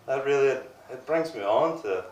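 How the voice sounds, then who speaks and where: A man's voice: mid-range voice, expressive, normal speed, lo-fi sound. A Northern Irish man in his twenties doing a stand-up set, crude and self-mocking, with rambling asides. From Northern Ireland. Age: 20s. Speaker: stand-up comedian. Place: comedy venue with a live audience. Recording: roomy live audio, distant mic, crowd laughter. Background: audience laughter.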